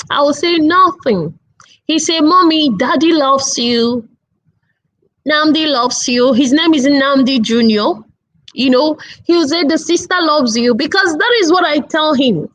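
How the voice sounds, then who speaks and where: A woman in her thirties giving an online parenting talk, earnest and repetitive, stressing points with slow emphatic phrases. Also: a little high, a bit bright, low-quality recording. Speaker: webinar speaker on parenting.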